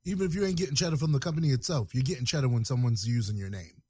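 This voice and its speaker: A man on a casual podcast chat who talks in slang and throws in lively interjections. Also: mid-range voice, rapid-fire, husky, no echo, clean studio sound. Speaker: podcast co-host.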